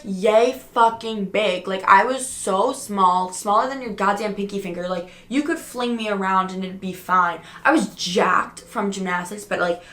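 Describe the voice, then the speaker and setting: A woman's voice: mid-range voice, a bit bright, echoey room. A young woman telling a story in a casual, chatty way, swearing often and filling her talk with "like". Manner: chatty, swears a lot, many "like" fillers. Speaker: podcast host.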